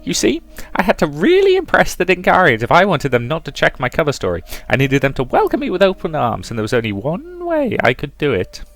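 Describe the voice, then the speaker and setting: A man's voice: a little high, wildly swooping pitch, fairly quick, few pauses, fairly bright tone, voice pushed up, heavily acted. A man voicing a brash, boastful young adventurer woman, reading game dialogue aloud. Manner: boastful, theatrical.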